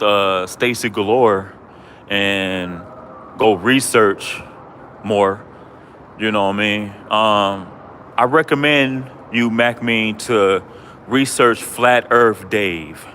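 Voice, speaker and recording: Male livestream host, low voice, repetitive mocking rant, outdoors with faint traffic. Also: sharp tone. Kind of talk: ranting livestream monologue.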